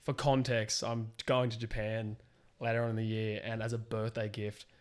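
A young Australian man co-hosting a podcast, brash and swearing freely as he tells animated stories. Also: fairly low pitch, normal speed. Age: young adult. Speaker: podcast co-host. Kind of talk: casual banter.

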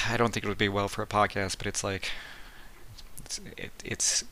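A man's voice: on the low side, little pitch movement, fast, poor audio. A man co-hosting a podcast in casual chat, laid-back and easygoing. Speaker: podcast co-host.

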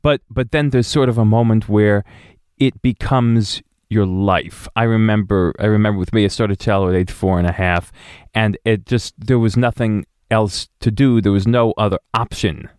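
A man's voice: on the low side, steady tone, normal speed, darkish tone, clear, resonant tone, dry recording, clean studio sound. A man hosting an interview, chatting casually with frequent stammered restarts. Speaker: interviewer host, cellist. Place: rural home.

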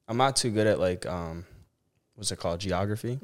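Very low-voiced young man, joking co-host. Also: normal speed. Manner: relaxed, joking. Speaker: podcast co-host. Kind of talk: casual chat.

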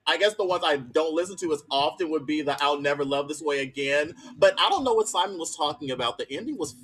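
Interviewer, mid-pitched voice, eager fan energy. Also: animated, fast, fairly bright tone, slightly rough, poor audio. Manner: enthusiastic, admiring. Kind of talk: interview questions.

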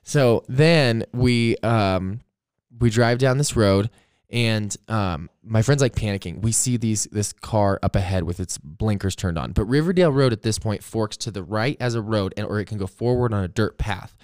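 Young male podcast host, low smooth voice, rambling casual storyteller, dry close sound. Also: moderate pace, no echo. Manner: rambling, animated storyteller with many "like"s and profanity.

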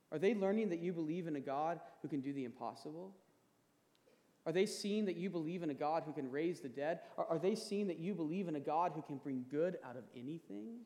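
A pastor in his thirties delivers his sermon in a high, earnest male voice, pressing his points until they land with emphasis. His words ring out with a long reverb that fills the large church hall. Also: dark tone. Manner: earnest, building to emphatic peaks.

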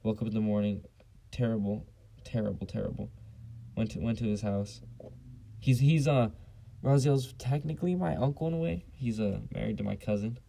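A man's voice: fairly low pitch, moderate pace, gravelly, dark tone, poor audio. A young man hosting a casual solo podcast, blunt and profane, rambling with lots of fillers on a basic home mic. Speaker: podcast host.

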